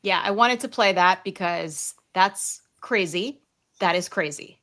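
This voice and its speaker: A woman's voice: on the low side, measured pace, pushed and bright. A woman hosting a political talk podcast in casual chat, emphatic and blunt, repeating phrases for effect. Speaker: podcast host.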